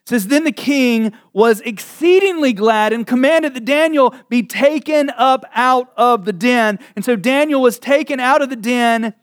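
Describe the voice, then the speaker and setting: A man preaching a sermon, reading scripture slowly and dramatically, then retelling it with laughs and casual asides. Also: very high voice, no room sound, clean studio sound. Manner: animated storytelling with frequent laughs and asides.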